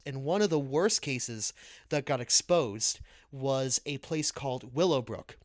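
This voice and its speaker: A man's voice: mid-range voice, a little slow, no room sound, studio quality. A man with a New England accent co-hosting a casual podcast, posing trivia questions and telling stories. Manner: quizzing, tells stories. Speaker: podcast co-host. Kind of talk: casual chat.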